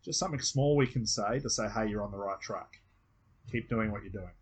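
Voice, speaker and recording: A man's voice: on the low side, fairly quick, husky. A man with an Australian accent coaching a student one on one, patiently explaining step by step and acting out example phrases. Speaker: hypnosis coach.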